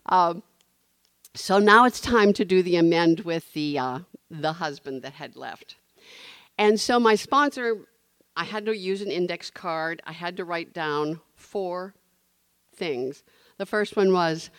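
Expressive woman sharing her recovery story. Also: on the low side, moderate pace, no echo, studio quality. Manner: expressive storyteller, acting out quoted voices, laughing often. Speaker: recovery meeting speaker. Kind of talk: personal testimony to a group.

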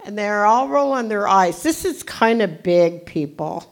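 Animated older woman telling her story. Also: medium pitch, unhurried. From California. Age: 70s. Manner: animated, self-deprecating, jokey. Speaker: recovery meeting speaker. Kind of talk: storytelling talk.

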